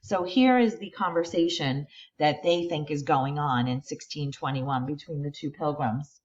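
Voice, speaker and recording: A woman reading a children's picture book aloud, expressive and stopping to point out the pictures. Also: low-pitched, lo-fi sound. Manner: expressive reader who pauses to explain the pictures. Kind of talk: read-aloud storytime.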